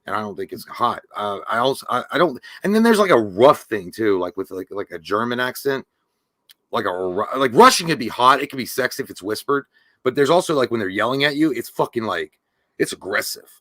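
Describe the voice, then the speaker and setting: Bright-voiced man joking with hesitations. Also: mid-range voice, sing-song, brisk, no echo, studio quality. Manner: hesitant, crude joking with many fillers. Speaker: podcast co-host. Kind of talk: casual live-show chat.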